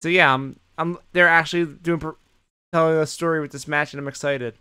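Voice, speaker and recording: Clear-voiced man in animated recap. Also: fairly high pitch, brisk. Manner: animated retelling, heavy swearing. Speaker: podcast co-host. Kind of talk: casual chat recapping wrestling.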